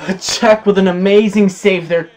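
A young man with a fairly high voice calls his own football video game match for his viewers. He talks to them as boys, runs a steady play-by-play and breaks into excited shouts whenever a chance or a goal comes. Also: moderate pace. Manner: excitable, bursts into shouts at big plays. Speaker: gaming YouTuber.

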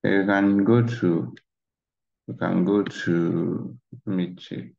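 On a dull lo-fi mic, a man explains trading charts in a rambling, casual screen-share tutorial, dropping "you know" constantly. He's a trading instructor with a low-pitched, slightly mellow voice, a steady tone, vocal fry, and a slow delivery.

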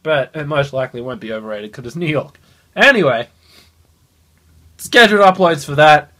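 A young man vlogging into a phone held at arm's length, excited and swearing a lot. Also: on the high side, normal speed. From Australia. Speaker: gaming channel host. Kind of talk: casual vlog.

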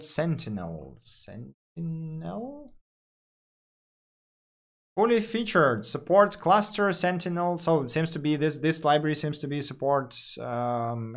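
Man coding while thinking aloud. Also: on the high side. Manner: thinks aloud with frequent fillers and self-corrections. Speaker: programmer coding on screen.

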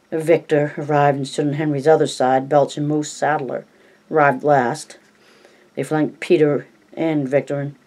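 A man narrating a novel in an even, measured storytelling voice. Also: fairly high pitch, rough recording. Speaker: audiobook narrator.

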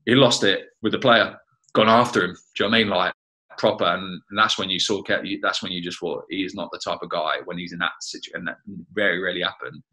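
A man's voice: deep voice, fairly even intonation, quick pace, pushed and bright, rough recording. A man reminiscing about a former teammate in an interview, chatty and full of "you know" fillers.

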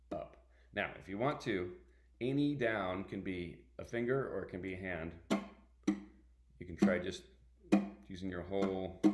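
A middle-aged man teaching a ukulele workshop, calmly explaining and vocalizing strum patterns by counting them aloud. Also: low voice. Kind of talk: online music workshop lesson. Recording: echoey room with ukulele playing.

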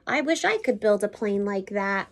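A woman voicing an eager little boy bear cub in a read-aloud storybook, high-pitched and pleading. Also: animated, moderate pace, lightly acted. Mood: excited.

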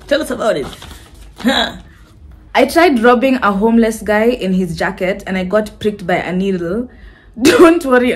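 A Kenyan woman vlogging casually, giggling often and reacting with animated chatter. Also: on the high side. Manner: giggly, animated, mixing in Swahili.

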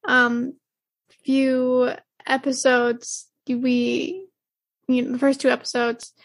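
A woman co-hosts a relaxed podcast, rambling through her thoughts with lots of fillers. Her voice sits high yet stays fairly level in pitch. The sound is dry and close, with no room around it. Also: takes it slowly, no room sound. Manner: rambling, many fillers and restarts, laughs often. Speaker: podcast co-host. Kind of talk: casual chat about an anime.

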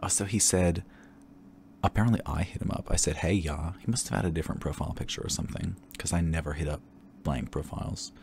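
A man rambling candidly and campily in a relaxed ASMR chat, drifting into soft whispers, tired and a little tipsy. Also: sits low, fast talker, creaky, slight background noise. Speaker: ASMR creator.

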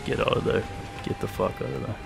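A man's voice: lowish voice, fairly even intonation, fast, vocal fry. A man giving gameplay commentary, swearing often and muttering in exasperation. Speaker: gamer. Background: game music.

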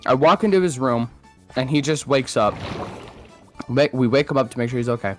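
A man's voice: medium pitch, fairly quick, faint music behind. A young man in casual chat who teases his friends and retells stories with energy. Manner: animated teasing banter.

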